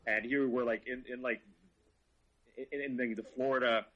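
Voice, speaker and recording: A guest car reviewer from Quebec, Canada, whose first language is French, tells stories in casual chat full of laughter and swearing. His voice is medium in pitch at a moderate pace, and the audio sounds dull. His storytelling is animated and profane.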